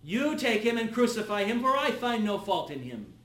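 A man's voice: sits high, sing-song, normal speed, a bit bright, voice pushed up. A man voicing an uneasy Roman governor, asking raised, pressing questions. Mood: pleading. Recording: echoey room.

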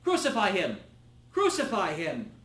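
Man reading as a loud, demanding mob. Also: high-pitched, sing-song, moderate pace. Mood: insistent. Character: angry crowd of men demanding death. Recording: echoey room.

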